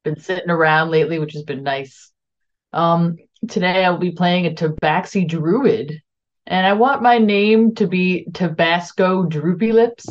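A woman's voice: on the low side, unhurried. A woman playing in a tabletop game over a video call, talking in a hesitant, rambling way. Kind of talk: casual chat. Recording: dull lo-fi video call audio.

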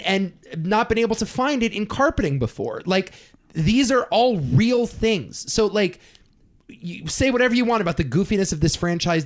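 A young man talks movies on a podcast in a slightly high, very lively voice that jumps around as he makes his case. He is emphatic and swears casually, pressing each point hard. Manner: animated, emphatic, swears freely. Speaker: podcast co-host. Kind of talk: casual movie-ranking chat.

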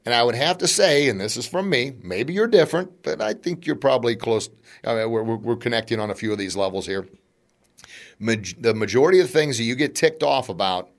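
Man, middle-aged, podcast host, motivational talk, animated and chatty, mid-pitched voice. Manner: animated, chatty, laughs between points.

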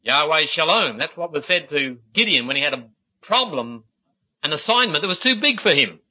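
Male preacher, earnest folksy sermon, bright forceful tone, animated pitch, muffled lo-fi sound. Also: moderate pace. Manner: earnest, folksy, addresses listeners as "my friends". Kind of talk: sermon with stories.

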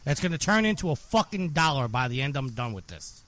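A man's voice: medium pitch, big pitch swings, fairly quick, fairly bright tone. A man on a podcast delivering a furious, profane rant with heavy emphasis. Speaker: podcast co-host.

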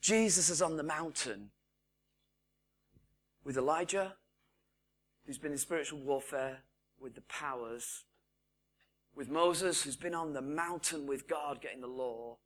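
Bright-voiced man preaching. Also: on the high side, unhurried, pauses often. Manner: lively storytelling, acts out quoted voices. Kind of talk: sermon.

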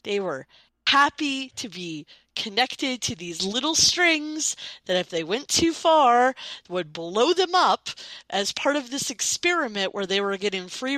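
A woman's voice: on the high side, a bit bright, dry recording, rough recording. A woman telling a rambling, self-mocking story in a casual chat.

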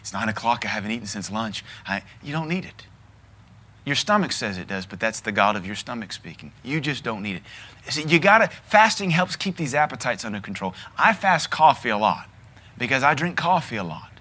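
Emphatic Southern preacher, bright voice. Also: male voice, medium pitch, sing-song, brisk. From American South. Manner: blunt, emphatic preaching with repetition. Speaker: pastor. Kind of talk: sermon.

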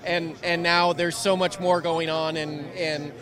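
A man, a race driver and team manager, interviewed on the grid, talking in a halting way with many repeats. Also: on the high side, little pitch movement. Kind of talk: pit lane interview. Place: on a crowded racing grid outdoors. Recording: loud crowd behind.

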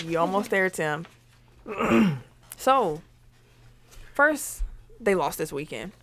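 A woman's voice: on the low side, lively intonation, takes it slowly, a bit bright. A woman hosting a casual sports chat, leading the topics and asking the others questions. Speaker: podcast host.

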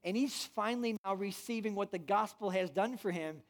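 In a church room with a congregation, a man preaches with a voice that sits high and a fairly quick pace. He is forceful and fires off rhetorical question after rhetorical question.

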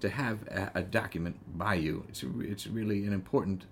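A man's voice: fairly low pitch, brisk, slight background noise. A man hosting a casual podcast interview, rambling and courtly, with many hesitations and laughs. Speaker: podcast host. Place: living room couch.

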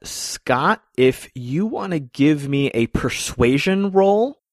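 Measured male game master narrating. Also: fairly high pitch, expressive, dry recording.

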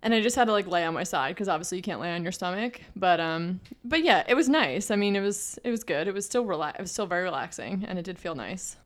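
Young woman, podcast co-host, low voice, rambling chatty delivery. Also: animated, fast, hardly any pauses. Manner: chatty, lots of fillers and restarts. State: pregnant. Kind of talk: casual chat.

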